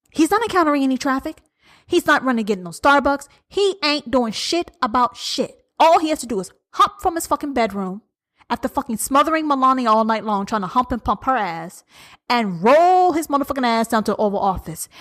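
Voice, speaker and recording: A woman's voice: a little high, fairly bright tone. A woman hosting a podcast, delivering a heated, profane, sarcastic political rant. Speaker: podcast host.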